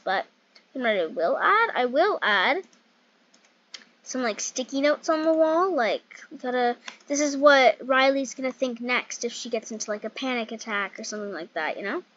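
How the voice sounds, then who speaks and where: A woman's voice: a little high, lively intonation, normal speed, a bit bright. A woman giving rambling, giggly, self-mocking commentary while building in a game, recorded a little muffled. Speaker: game YouTuber. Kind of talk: casual gameplay commentary.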